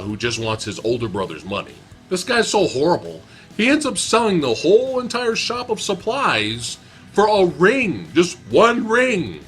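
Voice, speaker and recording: A man's voice: medium pitch, a bit bright. A young man giving a casual, profane, sarcastic movie review.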